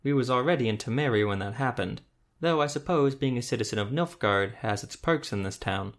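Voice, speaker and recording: A man voicing a rough male hunter-tracker who talks casually with folksy grammar. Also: medium pitch, lively intonation, fairly quick, close to an everyday voice. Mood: laid-back.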